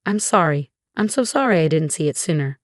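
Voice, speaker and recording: A woman voicing a remorseful middle-aged husband who talks low and hushed. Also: animated, a little fast, no echo, clean studio sound.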